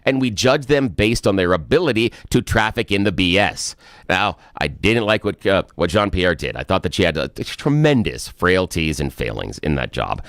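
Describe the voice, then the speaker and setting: A man with a lowish voice holds forth on a radio talk show. He speaks emphatically, exasperated and blunt. The sound is dry and close, with no room around it. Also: sing-song, normal speed, fairly bright tone, no echo. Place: radio studio.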